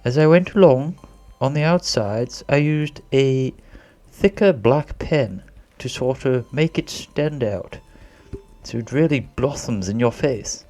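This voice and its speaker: A man's voice: medium pitch, takes it slowly, warm tone, soft background music. A man narrating a drawing tutorial as a voice-over in a put-on posh British accent, rambling and a bit self-conscious, as if winging it.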